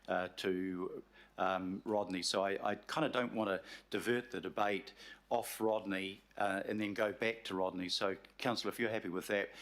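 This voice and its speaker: A man with a New Zealand accent chairs a council meeting in a fairly low voice. He steers the procedure politely, stalling often on ums and restarts. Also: a bit bright. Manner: polite, halting with many fillers.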